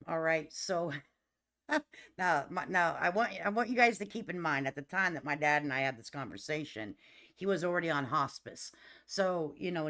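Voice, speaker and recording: A chatty woman host who laughs a lot. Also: deep voice. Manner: laughs often, lively and emphatic, addresses listeners as honey and baby. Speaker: livestream host. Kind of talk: casual storytelling chat with viewers.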